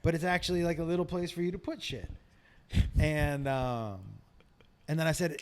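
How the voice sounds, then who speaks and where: A man's voice: a little high, moderate pace. A middle-aged man chatting casually on a podcast, telling stories with frequent laughs. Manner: animated storyteller, laughs often. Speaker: comedian guest.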